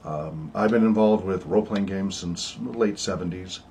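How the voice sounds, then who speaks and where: A man's voice: low-pitched, moderate pace, creaky, warm tone, a little hiss or hum. An older man hosting an online meeting about his research project, talking casually with many ums and uhs, wheezy and coughing from asthma. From United States. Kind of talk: casual informative talk.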